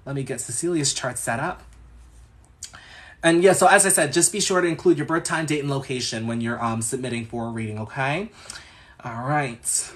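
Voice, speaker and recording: Guy doing astrology readings on a livestream, talks fast and sassy, rambles a lot. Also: medium pitch. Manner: chatty and sassy, rambling asides. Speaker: astrologer giving live chart readings. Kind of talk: casual livestream chat.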